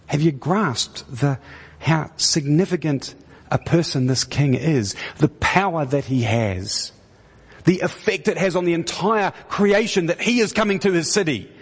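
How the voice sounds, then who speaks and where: A man delivers a conversational sermon, his husky voice carrying a long echo through the church hall. He stumbles and restarts often, then rises into pointed, emphatic questions. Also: on the high side, a little slow. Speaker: preacher.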